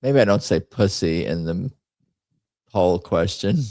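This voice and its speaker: A man hosting a casual home stream talks in an unhurried, drawn-out way, mumbling half to himself while he types. His voice sits fairly low. The sound is dry and close, with no room around it. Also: lively intonation, warm tone, no room sound. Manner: rambling, muttering to himself while typing. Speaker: host. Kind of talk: casual livestream chat.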